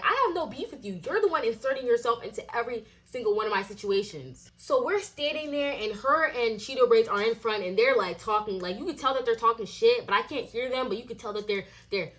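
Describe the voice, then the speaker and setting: A young woman telling a storytime vlog as a casual rant, swearing and acting out quoted lines in a higher voice. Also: expressive, quick pace, few pauses, fairly bright tone. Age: young adult.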